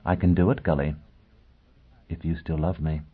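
A proud, bitter young woman with a cutting, scornful tongue, as a male audiobook reader plays her. The voice sits very deep and sounds husky. It comes through thin and tinny, like a phone line. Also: level tone, moderate pace. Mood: taunting. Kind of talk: audiobook character voice.

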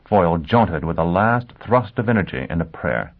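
A man reading a story aloud as narrator in a measured, dramatic way. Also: sits low, animated. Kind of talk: audiobook narration. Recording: tinny phone-like sound.

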